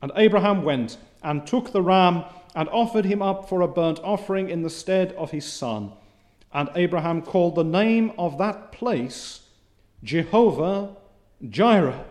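Male preacher, fairly high voice, slow and deliberate delivery with emphatic swells. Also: expressive, darkish tone. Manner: reads scripture in old biblical wording. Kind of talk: sermon.

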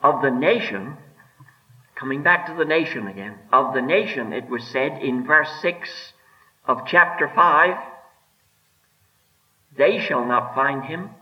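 A man preaching a sermon with emphatic delivery, rising and dropping, slowing right down to stress his words. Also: medium pitch, lively intonation. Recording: dull lo-fi sermon recording.

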